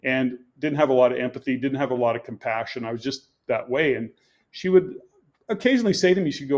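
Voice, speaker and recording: A man's voice: mid-range voice, fast talker, a little mellow, highs cut off. A man in his sixties, a guest on a podcast, telling stories earnestly and with emphasis as he explains his coaching. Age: 60s. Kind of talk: conversational interview.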